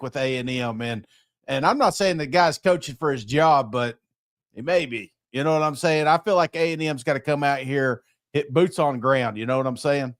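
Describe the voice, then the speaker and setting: Male co-host, jokey, lively voice, slightly high. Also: no room sound, studio quality. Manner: laughs a lot, joking, playful. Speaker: podcast co-host. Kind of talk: casual sports chat.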